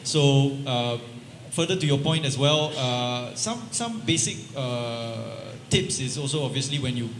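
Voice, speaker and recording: A man's voice: mid-range voice, lively intonation, measured pace, gravelly. A man on a panel giving advice hesitantly, with many fillers. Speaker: panel speaker. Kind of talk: panel discussion answer. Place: large event hall. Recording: echoey hall, faint noise.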